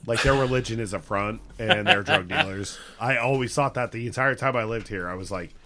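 Bright-voiced man joking around. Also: fairly low pitch. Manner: joking, quick to laugh. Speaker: podcast co-host. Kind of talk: casual chat.

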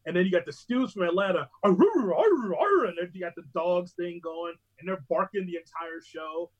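Heard through a muffled recording, this high-voiced man hosts sports radio and swaps stories casually with another host. His telling is lively, and he readily mimics other broadcasters.

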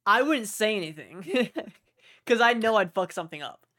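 A man's voice: high voice, lively intonation, moderate pace, sharp tone, dry recording, clean studio sound. A young man co-hosting a podcast, chatting casually, joking and swearing as he rambles. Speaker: podcast co-host. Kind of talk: casual chat.

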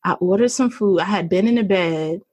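Husky lady guest spilling a personal story, lots of laughs, dry close sound. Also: medium pitch, moderate pace, darkish tone, dry recording. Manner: chatty, laughs often, acts out quotes. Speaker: podcast guest.

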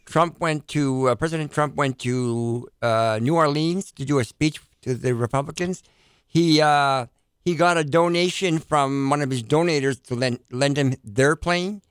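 A man's voice: on the high side, a little slow, smooth, no echo, clean studio sound. A man talking as a guest on a casual talk show, rambling and hesitant, with many fillers.

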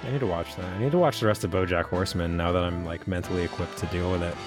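A man's voice: deep voice, fairly even intonation, rapid-fire, over music. A man hosting a podcast in casual chat, laid-back and rambling as he wraps up the show. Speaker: podcast host.

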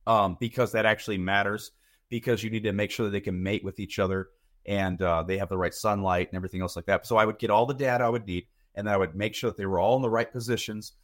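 A man's voice: lowish voice, fast. A man in his thirties, a podcast guest talking casually and rambling, often repeating words as he thinks. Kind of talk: casual chat.

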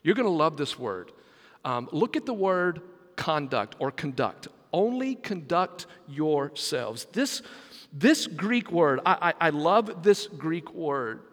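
A man preaching a sermon as senior pastor, animated and engaging the congregation to repeat words back. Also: fairly high pitch, takes it slowly, in a large hall.

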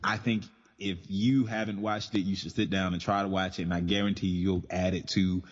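A man's voice: deep voice, flat delivery, moderate pace, husky. A man co-hosting a podcast in casual chat, laughing easily and talking with enthusiasm. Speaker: podcast co-host. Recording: dull lo-fi sound with long reverb.

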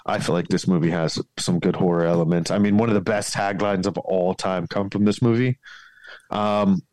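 A man's voice: deep voice, steady tone, normal speed, a little mellow, no echo. A man guesting on a casual podcast, talking in crude, profane, joking banter.

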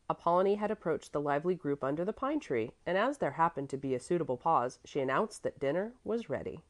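A woman narrating a classic children's story as an audiobook in a steady, measured reading. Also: sits low.

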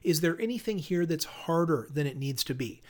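A middle-aged man talks alone on his podcast, coaching listeners on serving customers. His voice sits a little high, and he keeps an upbeat tone, pressing the audience with question after question. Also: lively intonation, moderate pace. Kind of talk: solo podcast monologue.

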